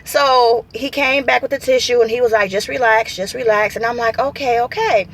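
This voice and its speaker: A woman with a fairly high, steady voice and a moderate pace vlogs from her car, parked in a parking lot. She chats animatedly, acting out quotes as she tells a story in a casual vlog.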